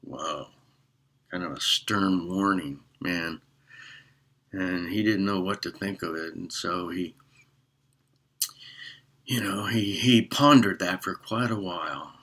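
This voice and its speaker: A man's voice: low-pitched, a bit bright. A man retelling a fable in a casual, rambling way full of fillers and restarts. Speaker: storyteller. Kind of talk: casual spoken storytelling.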